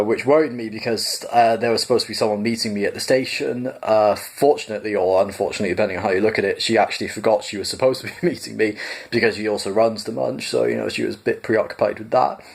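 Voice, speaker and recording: Male host, casual reading voice, lowish pitch, rambling chatter. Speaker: storyteller, channel host. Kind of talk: casual book reading and chat.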